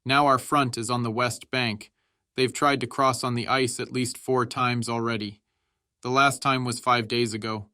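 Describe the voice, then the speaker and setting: Man as sardonic veteran soldier, tired, talkative, bright voice. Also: medium pitch, level tone, moderate pace, no room sound, studio quality, close to an everyday voice. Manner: sardonic, chatty. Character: weary, mocking veteran male soldier.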